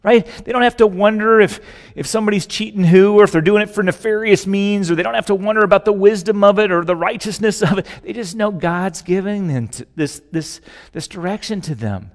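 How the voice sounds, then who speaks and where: Middle-aged male pastor, slightly high voice, animated conversational sermon, live church hall reverb. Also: brisk. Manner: conversational, animated preaching with shifting volume. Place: large church sanctuary.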